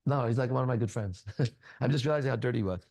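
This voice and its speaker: A man's voice: medium pitch, fast talker, creaky, darkish tone, dry recording. A man teaching in a casual spiritual talk, blunt and crude, full of profanity as he tells stories. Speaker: ministry teacher.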